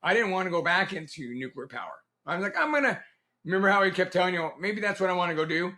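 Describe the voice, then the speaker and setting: Bright, lively middle-aged man telling stories. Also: high-pitched, fast. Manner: animated, laughs often, acts out quoted dialogue. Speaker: guest, Navy veteran. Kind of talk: casual storytelling interview.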